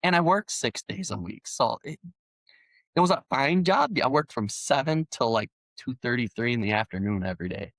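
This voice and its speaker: A middle-aged man, a podcast guest, talking in a relaxed, plainspoken way with frequent ums and restarts. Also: mid-range voice, normal speed, no echo. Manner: animated when retelling dialogue. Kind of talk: storytelling in a conversational interview.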